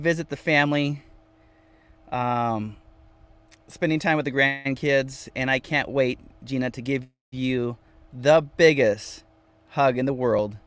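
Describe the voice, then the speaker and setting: A man's voice: mid-range voice, fairly bright tone, dry recording. Playful man chatting from his van. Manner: playful, repeats phrases, reads viewer comments aloud. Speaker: vanlife livestream host. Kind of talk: casual live-stream chat reading comments. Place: inside a van.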